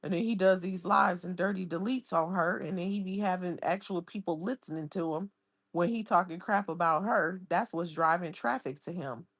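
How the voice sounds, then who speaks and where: Woman livestream host, low and gravelly, easy drawling pace, gossipy chat. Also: moderate pace, no room sound, clean studio sound. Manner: chatty, gossipy, reading viewer comments aloud.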